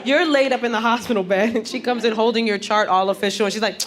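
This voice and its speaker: A woman's voice: on the high side, fast. Brash woman doing stand-up. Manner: brash, animated, streetwise storytelling. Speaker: stand-up comedian. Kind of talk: stand-up comedy set. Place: comedy club stage. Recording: live club with loud audience.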